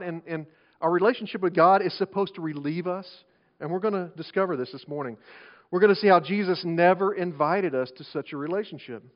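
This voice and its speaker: A pastor delivers his sermon in a conversational way, restarting phrases as he goes. His voice sits a little high, and he swings between loud emphasis and quiet asides. The recording is dull and lo-fi.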